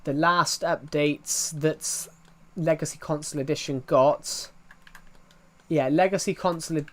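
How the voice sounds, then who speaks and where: A man, chatting casually to viewers on a live game stream, rambling and often restarting his sentences. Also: a little high.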